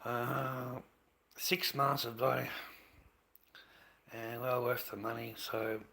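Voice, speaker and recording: An Australian man in middle age chats on his livestream in a bright, forward voice. He rambles, repeats his points, and drops in mate and the odd swear word. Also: medium pitch, flat delivery, takes it slowly, creaky. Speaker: livestreamer selling handmade masks. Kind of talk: casual livestream chat.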